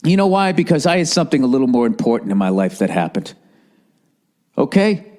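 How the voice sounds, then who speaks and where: A man in his forties hosting a podcast, ranting in a profane, sarcastic, animated comedic style. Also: mid-range voice, fairly quick. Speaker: podcast host. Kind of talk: comedic rant.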